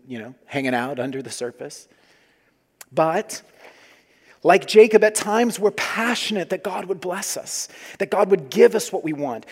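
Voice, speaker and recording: A man in his forties preaching a sermon as pastor, earnest, moving between loud emphasis and quiet hushed asides. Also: on the high side. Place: church sanctuary. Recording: long hall reverb.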